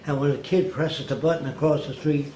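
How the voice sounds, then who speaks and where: A man's voice: on the high side, steady tone, a little fast, warm tone. An older man, a guest in an interview, rambling through anecdotes and acting out the people he quotes. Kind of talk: storytelling in an interview. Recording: roomy, faint background hiss.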